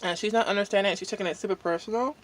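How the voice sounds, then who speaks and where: A woman's voice: mid-range voice, rapid-fire. A woman vlogger chatting casually while eating, rambling and venting with lots of fillers and pleased hums between bites. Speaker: mukbang vlogger.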